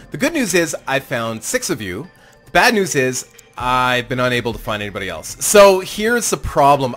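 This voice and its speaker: A man hosting a fan game tournament, chatting casually and commentating on the matches. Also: on the high side. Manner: animated, chatty, self-deprecating with laughs. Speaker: gaming YouTuber hosting a tournament.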